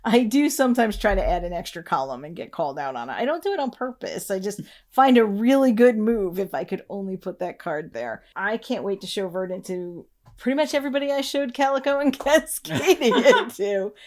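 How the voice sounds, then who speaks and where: A woman co-hosting a board game show in casual chat, chatty and quick to laugh. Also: mid-range voice, big pitch swings, darkish tone. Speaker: board game podcast co-host.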